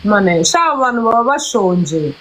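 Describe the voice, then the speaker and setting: A woman's voice: medium pitch, very animated, normal speed, crowd noise, low-quality recording. A Rwandan woman with a Rwandan accent, hosting a live stream and urgently coaxing viewers in English and Kinyarwanda.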